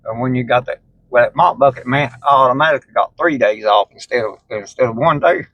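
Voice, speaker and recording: A man's voice: medium pitch, fast, no room sound, lo-fi sound. A man, telling rambling, salty stories in a casual chat and laughing at his own tales. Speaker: storyteller in conversation. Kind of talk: casual storytelling. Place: inside a moving vehicle.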